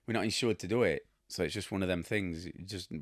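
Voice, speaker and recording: A man's voice: low-pitched, fast talker, dry recording, clean studio sound. A man in his fifties with a Yorkshire accent, hosting a casual chat and telling rambling, blunt stories with a chuckle. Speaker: host.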